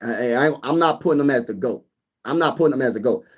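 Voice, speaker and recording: A young man hosting a casual sports live stream, reading viewer comments and bantering back with lively energy. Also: medium pitch, quick pace, slightly rough. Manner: animated, reads chat comments aloud and banters. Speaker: sports YouTube host.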